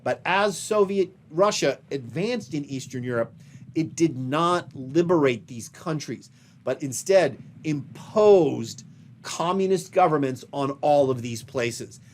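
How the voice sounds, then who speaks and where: A man lecturing on history in a recorded video lesson, pointing out images on slides behind him and stressing key phrases slowly. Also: a little high, animated, a little mellow, slight background noise.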